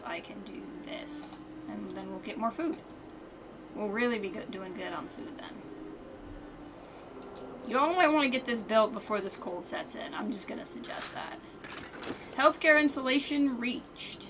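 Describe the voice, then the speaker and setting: A woman's voice: medium pitch, unhurried, pauses often. A woman streaming a game, thinking aloud in a chatty, self-correcting way. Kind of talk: casual let's-play commentary. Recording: distant mic with background noise.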